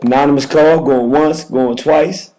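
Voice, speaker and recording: A man's voice: on the high side, steady tone, unhurried, dark tone. A man hosting a call-in show, talking fervently with a repetitive, preacher-like cadence. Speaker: radio call-in host.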